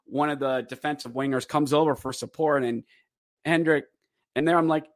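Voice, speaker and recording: A man hosting a podcast, giving a rambling, animated casual recap of a hockey game. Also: a little high, moderate pace, dry recording, studio quality. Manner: rambling and animated, breaks into acted quotes. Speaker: podcast host.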